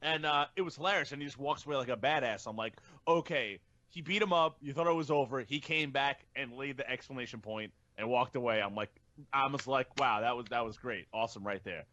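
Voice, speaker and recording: A man co-hosting a podcast, chatting casually and excitedly, laughing often and swearing freely. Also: mid-range voice, a little fast, dry recording, lo-fi sound. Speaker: podcast co-host.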